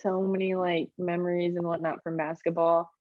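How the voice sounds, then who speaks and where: Young female coach on a podcast, low-ish voice, relaxed, muffled dry audio. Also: moderate pace, no room sound. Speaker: basketball coach and podcast co-host. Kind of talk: casual chat. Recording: dull, lo-fi sound.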